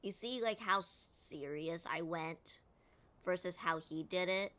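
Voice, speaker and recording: Slow, bright streamer woman critiquing. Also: lowish voice. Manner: critiques voice acting, filler-heavy. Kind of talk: casual game commentary.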